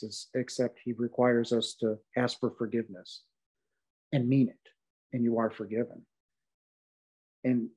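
A man's voice: medium pitch, mellow, breathy edge, low-quality recording. A man sharing his near-death experience as a podcast guest, speaking with heartfelt emphasis and many fillers and restarts. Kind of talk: earnest testimony in a podcast interview.

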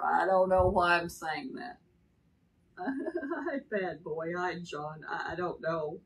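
A woman's voice: lowish voice, expressive, a little slow, low-quality recording. A woman in her sixties with a Kentucky accent and a Texas drawl, chatting casually on a livestream and greeting viewers by name. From Kentucky, raised in Texas. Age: 60s. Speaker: livestream host. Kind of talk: casual livestream chat reading comments.

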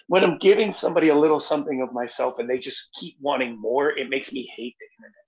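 A man's voice: medium pitch, a little fast, rough recording. A man from New Jersey, a musician guest on a podcast, talking casually and rambling, often repeating himself. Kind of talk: casual conversation.

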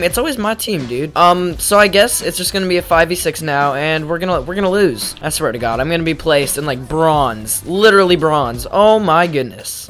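A young gaming YouTuber chats casually over his gameplay into a pop-filtered desk mic at his home gaming setup, rambling, mocking himself, and breaking into sudden exclamations. His slightly high, somewhat bright voice has lively intonation at normal speed, with hardly any pauses, over soft background music.

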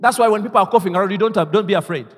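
A man preaching a sermon as pastor, leading the congregation to repeat his lines and moving between hushed asides and loud exclamations. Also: sits high, racing, husky, soft background music. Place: church hall. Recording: reverberant church hall.

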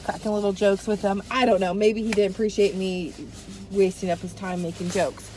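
A woman's voice: medium pitch, brisk. A woman travel vlogger chatting casually in a rambling, venting way, with a stuffy, runny nose. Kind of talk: casual vlog chat. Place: in a car by a busy road. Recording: steady traffic noise.

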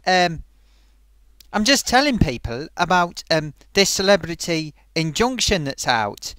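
A man's voice: high-pitched, big pitch swings, a little slow, fairly bright tone, dry recording, studio quality. A man hosting his own vlog and chatting casually, rambling along with plenty of ums and restarts. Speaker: vlogger host. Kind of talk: casual comedy vlog chat.

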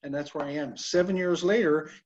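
A man from Newfoundland, Canada, telling his own story on a video call in a rambling, halting way. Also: fairly high pitch, darkish tone, muffled recording, a little hiss or hum. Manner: rambling, many fillers and restarts. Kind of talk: casual testimonial.

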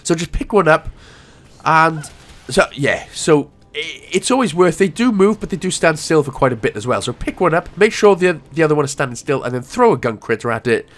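A man's voice: fairly high pitch, lively intonation, fairly quick, fairly bright tone. A young Welsh man giving casual, rambling gameplay walkthrough commentary with jokey asides. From Wales.

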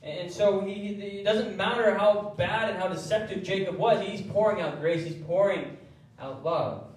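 A man preaching a sermon as pastor, animated, acting out the voices he quotes. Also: high voice, measured pace, slight background noise. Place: church sanctuary. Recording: echoey church hall from far off.

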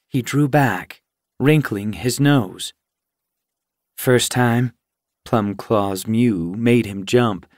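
A man narrating an audiobook in a measured, even storytelling voice, recorded in a studio booth. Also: medium pitch, no room sound. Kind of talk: scripted narration. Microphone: studio mic.

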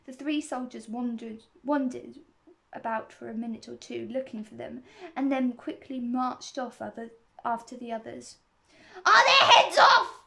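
A woman's voice: a little high, fairly even intonation, moderate pace, gravelly, darkish tone. A woman reading a children's novel aloud, steadily, with small slips and restarts. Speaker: reader.

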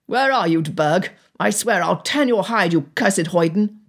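A woman's voice: medium pitch, expressive, normal speed, husky. A woman voicing an indignant, arrogant young nobleman who snaps and complains. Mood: angry. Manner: snapping, indignant.

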